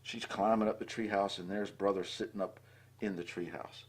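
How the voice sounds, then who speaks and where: An older man with a husky voice reading a children's storybook aloud and adding chatty asides between the lines. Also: fairly low pitch, steady tone, normal speed. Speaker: storybook reader.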